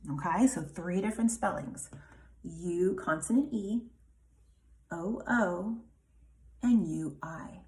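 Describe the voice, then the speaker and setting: A woman teaching a phonics lesson, with a voice that sits a little low. She speaks slowly and sounds out every word with care, encouraging her pupils as she goes. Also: mellow. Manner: slow, clearly enunciated, encouraging teacher talk.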